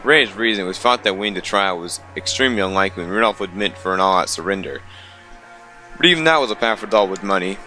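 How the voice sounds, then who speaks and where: A man's voice: low voice, expressive, fast, pushed and bright, soft background music. A young man reading a visual novel aloud, stumbling over lines and breaking off for wry asides. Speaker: let's player.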